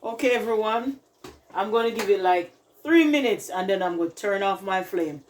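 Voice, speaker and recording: A woman's voice: medium pitch, expressive, normal speed, over music, low-quality recording. A woman with a Jamaican accent hosting a casual cooking video in her home kitchen, chatting to viewers and urging them to look at the food. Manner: chatty, calls viewers "people", keeps saying "look at that". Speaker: cooking channel host.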